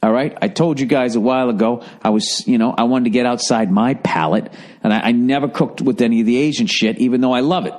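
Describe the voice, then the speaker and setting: Profane, animated man with a Boston accent. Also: medium pitch, quick pace. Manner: profane, animated storytelling with lots of swearing. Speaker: podcast host. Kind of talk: casual comedic monologue.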